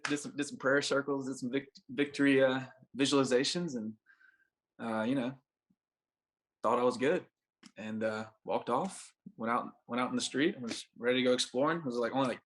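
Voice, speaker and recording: A man's voice: medium pitch, a bit bright. A young man in his twenties, a podcast guest, telling a rambling anecdote full of fillers and acted-out dialogue. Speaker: podcast guest, baseball pitcher. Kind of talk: casual storytelling.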